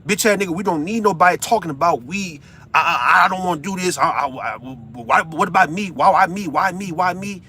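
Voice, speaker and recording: While driving, a middle-aged male vlogger delivers an emotional, profane monologue, stumbling and repeating words as he opens up. His voice is high, bright, and forceful, and he speaks fairly quickly.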